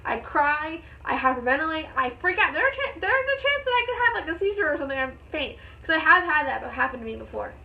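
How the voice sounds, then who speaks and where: A young woman with a high voice retells a story in a casual vlog, rambling and excited, with plenty of fillers. The sound is thin and tinny, as if heard over a phone line. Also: fast, gravelly, few pauses. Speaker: vlogger.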